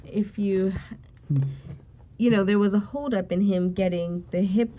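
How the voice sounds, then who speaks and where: A woman of middle pitch chatting on a podcast. She talks in an emphatic, gushing way and laughs along with the others. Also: steady tone, measured pace, warm tone, slight background noise. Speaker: podcast co-host. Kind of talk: casual chat.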